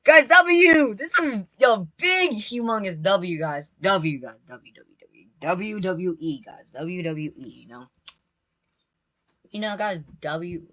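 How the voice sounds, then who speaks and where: Live gameplay commentary from an energetic gaming creator with a medium-pitched voice who takes things slowly, recorded dry. Repetitive and talkative, he addresses viewers constantly, throws in playful slang, and lets out shrieks whenever he's startled.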